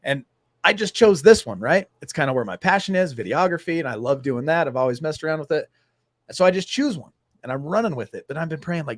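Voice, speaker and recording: A man hosting a casual talk show, telling a story with lively acted-out dialogue. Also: on the high side, quick pace, dry recording, clean studio sound. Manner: animated storyteller acting out dialogue. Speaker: host.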